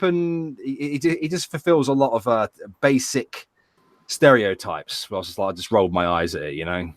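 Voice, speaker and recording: A British man co-hosting a casual talk show, rambling and stammering as he retells things with animated quotes. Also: mid-range voice, normal speed, dry recording. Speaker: podcast co-host. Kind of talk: casual chat.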